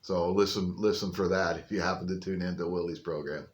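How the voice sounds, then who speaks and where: An older male pastor with a fairly low voice preaches an informal sermon outdoors. He tells the story in a folksy, chatty way. He speaks into a phone held on a selfie stick. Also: steady tone, a little fast. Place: outdoors on a windy day.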